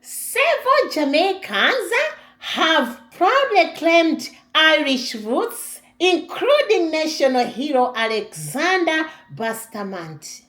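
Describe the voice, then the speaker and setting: A woman's voice: sits high, fairly bright tone. A woman narrating a script and asking viewers to comment and subscribe. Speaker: channel narrator.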